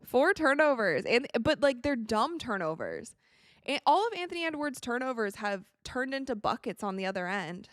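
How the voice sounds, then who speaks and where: Tired yawning woman from the us reacting live to a game, excitable, laughs a lot, dry mic. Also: on the high side, dry recording. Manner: chatty and excitable, quick reactions, frequent laughter. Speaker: live-stream sports commentator. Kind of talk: casual watch-along game commentary.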